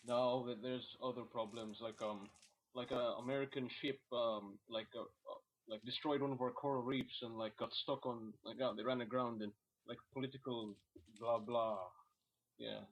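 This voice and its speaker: A man's voice: medium pitch, fairly even intonation, normal speed. A man from the Philippines chatting casually as a guest, hesitant and full of ums and likes. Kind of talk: casual chat. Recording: dull lo-fi call audio.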